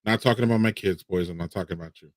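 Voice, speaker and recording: A man's voice: low voice, racing. A man co-hosting a podcast in casual chat, easygoing and full of ums and "right"s. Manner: easygoing, filler-heavy. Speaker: podcast co-host.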